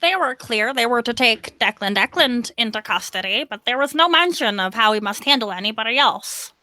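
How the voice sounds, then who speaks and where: Woman voicing alien visitor, prim, formal, bright forceful tone, slightly high, dry close sound, tabletop game. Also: expressive, a little fast, dry recording.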